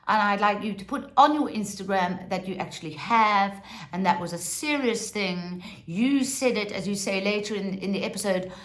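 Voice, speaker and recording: A woman's voice: medium pitch, a bit bright, roomy sound. A woman giving a casual, sarcastic and theatrical review of a reality TV show.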